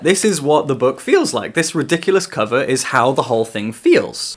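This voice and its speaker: A man giving a casual book review vlog, animated and sarcastic, swearing freely and laughing between remarks. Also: mid-range voice, a little slow, few pauses.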